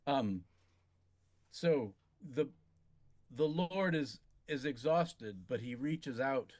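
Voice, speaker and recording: A man's voice: mid-range voice, lively intonation, a little mellow. A man narrating and running a tabletop game as game master. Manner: descriptive, slow, some restarts.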